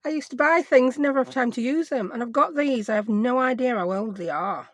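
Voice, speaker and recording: A woman's voice: fairly high pitch, brisk, dry recording. A middle-aged woman with a Yorkshire accent, chatting and rambling casually as she crafts on her own channel, self-mocking and talkative. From Yorkshire, England.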